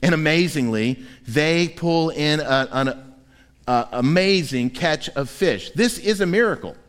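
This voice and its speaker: Preaching man in a reverberant hall. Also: on the high side. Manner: animated, acts out quoted voices with humor. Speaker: pastor. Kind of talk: sermon. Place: church sanctuary.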